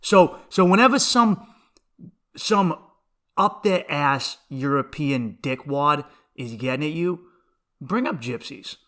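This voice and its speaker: Profane rambling man, bright voice. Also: a little high, expressive, slow pace. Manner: rambling, profane, laughs often. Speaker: podcast host. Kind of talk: casual comedic monologue.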